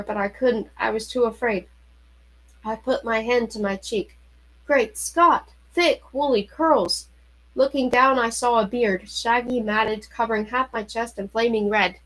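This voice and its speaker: Expressive woman reading aloud. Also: fairly high pitch, normal speed, poor audio. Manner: expressive reading with startled, anxious turns. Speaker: reader. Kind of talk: audiobook reading of a novel.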